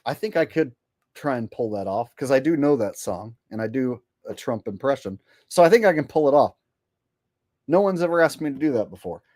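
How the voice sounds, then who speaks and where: A man's voice: mid-range voice, expressive, fairly quick, a little mellow, no room sound, studio quality. A man hosting a live stream, ranting bluntly and casually with plenty of swearing. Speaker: streamer host.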